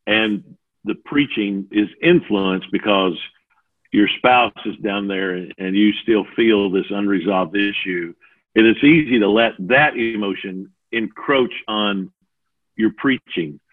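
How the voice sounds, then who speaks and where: A man in his sixties who mentors preachers, answering interview questions in an animated way and acting out the voices he quotes. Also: on the low side. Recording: phone-like narrow audio.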